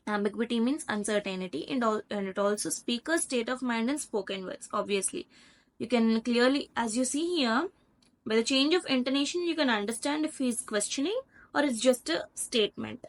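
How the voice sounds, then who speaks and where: A woman's voice: a little high, moderate pace. A woman with an Indian English accent, a lecturer methodically walking through lesson slides and repeating key points.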